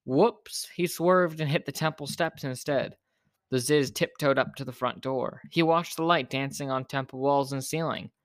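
A man reading a children's picture book aloud in a gentle, expressive way. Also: mid-range voice, normal speed, dry recording, studio quality. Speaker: storyteller.

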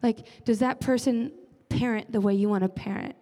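A woman's voice: on the high side, fairly even intonation, normal speed, warm tone. A young woman giving an earnest, conversational sermon as a church leader, often adding casual fillers. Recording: long reverb of a large hall.

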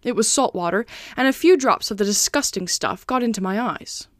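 A woman's voice: mid-range voice, expressive, fairly quick, no echo, studio quality, natural voice. A woman reading aloud, voicing a proud young German Jesuit colonel in a heightened, exclaiming way. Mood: grave. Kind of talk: storybook reading.

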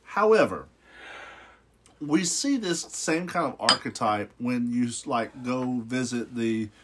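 A man's voice: mid-range voice, takes it slowly, background noise. A man in casual podcast chat, joking and rambling with many fillers.

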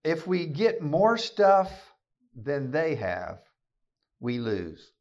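A man's voice: a little high, sing-song, drawn-out words, darkish tone. A man giving a sermon-style keynote to a gathering of men, emphatic and folksy, often repeating his phrases. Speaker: speaker at a men's gathering. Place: live talk to an audience. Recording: slightly dull lo-fi recording.

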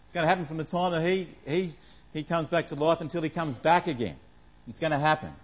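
Talking fast in a slightly high voice, a preacher works through scripture in a conversational sermon, stopping to question the congregation. He uses many fillers, and the recording is rough.

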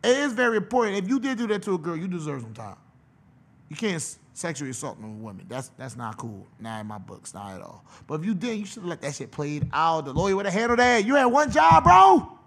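A man's voice: a little high, big pitch swings, fast talker. A man hosting a podcast, delivering a profane, mocking comedic rant. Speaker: podcast host.

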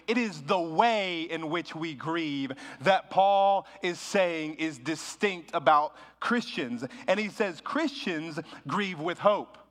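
A man, a pastor, preaching a sermon in a conversational way that rises into animated bursts of emphasis. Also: sits high, long reverb tail.

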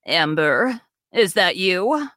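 A woman voicing a frail, wary elderly woman in a read-aloud story, lower and slower than her own voice. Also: lively intonation, bright, forceful tone, no room sound, studio quality, heavily acted. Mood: calling out.

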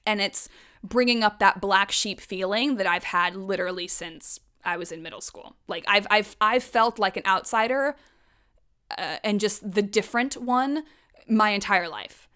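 A woman's voice: medium pitch, normal speed, pushed and bright, smooth. A woman in her thirties talking frankly and emotionally in a personal monologue, swearing casually.

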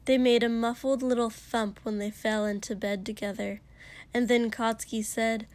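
A woman narrating fiction in a soft, hushed voice, often near a whisper. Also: on the high side, flat delivery, moderate pace, no echo. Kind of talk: audiobook reading of fiction.

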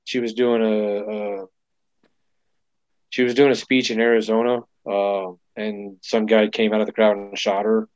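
A man's voice: fairly low pitch, little pitch movement, unhurried, darkish tone, clear, resonant tone, no echo. A man co-hosting a casual chat, rambling with lots of fillers and restarts. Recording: dull lo-fi dry sound.

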